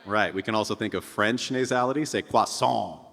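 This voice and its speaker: A man teaching a singing lesson as a vocal coach, explaining clearly and often checking in with "okay?". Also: lowish voice, fast, a bit bright. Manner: instructive, checks in with "okay?", calls out over the exercises. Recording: long reverb with piano music behind. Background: piano.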